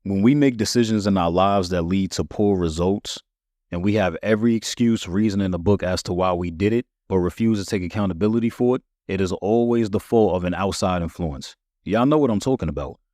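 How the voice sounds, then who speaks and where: A man's voice: deep voice, fairly quick, a little mellow, dry recording, studio quality. A man hosting a solo podcast, talking to listeners in a conversational, emphatic way. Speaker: podcast host.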